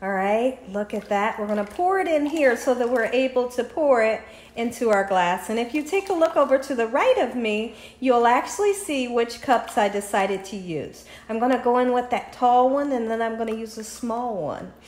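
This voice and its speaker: This cooking channel host has a fairly high, expressive, slightly mellow voice, speaking at normal speed with few pauses in a reverberant home kitchen. During her casual demonstration she chats with viewers, tastes, pours, and laughs often.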